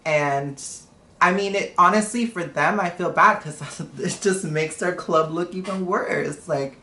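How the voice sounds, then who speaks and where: A woman's voice: lowish voice, a little slow, pushed and bright, reverberant. A woman telling a story on a live stream in a blunt, profane, casual way. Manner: blunt and profane, retelling a confrontation.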